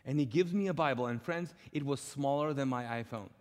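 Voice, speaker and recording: A middle-aged male pastor telling a personal story in a sermon, lively and acting out the dialogue. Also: medium pitch, fairly quick. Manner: animated, acts out quoted dialogue. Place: church auditorium, live. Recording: long reverb of a large church hall.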